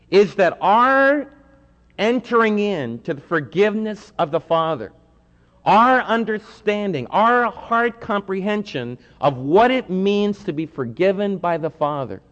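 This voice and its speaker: An animated male preacher with a fairly high, lively voice that swings from hushed asides to loud pleading. He is heard in a church hall with a long reverb, on a dull, lo-fi recording. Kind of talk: sermon.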